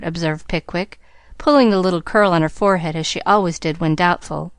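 A woman reading a classic novel aloud as an audiobook narrator, clear and measured. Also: fairly low pitch, no room sound, studio quality. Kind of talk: storybook narration.

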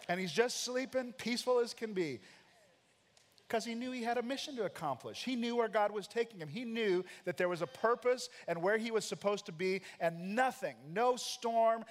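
A man's voice: high-pitched, normal speed. An American man preaching a sermon as pastor, emphatic and dramatic, acting out the voices in the scripture stories he retells. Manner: emphatic preacher, acts out quoted lines. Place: church sanctuary. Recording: long hall reverb.

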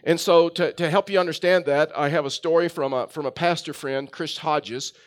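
A man's voice: on the high side, steady tone, moderate pace. A man preaching a sermon, telling a story with frequent fillers and restarts. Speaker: pastor.

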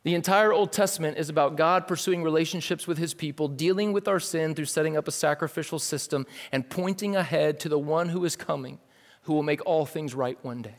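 A man's voice: on the high side, a little fast. Man preaching casually in a reverberant hall. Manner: casual, lively preaching with slang asides. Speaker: pastor. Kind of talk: sermon.

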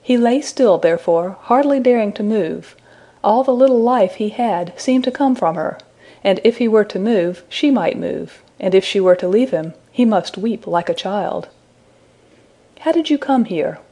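A woman reading a fairy tale aloud as an audiobook narrator, with an even, measured delivery. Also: medium pitch. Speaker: audiobook reader. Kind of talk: storybook narration.

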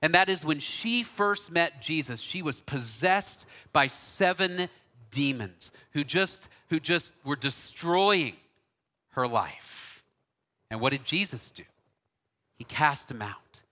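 A man delivering a sermon, earnest and animated as he tells the story. His voice sits a bit high and has a sharp, forceful edge. It rings with long reverb from a big church auditorium. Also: slow pace. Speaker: pastor.

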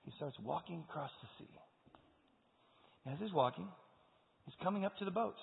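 A man in his forties preaching a sermon, telling the story with animated energy and acting out the characters. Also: a little high, moderate pace, creaky, slight background noise. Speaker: pastor. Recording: echoey hall over a tinny phone-like line.

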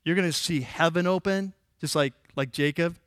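A man's voice: fairly high pitch, normal speed, a bit bright, smooth, no echo, clean studio sound. A man preaching a casual, conversational sermon, retelling the story with jokes and acting out the characters' lines. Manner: conversational, jokey, acts out quoted lines. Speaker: pastor.

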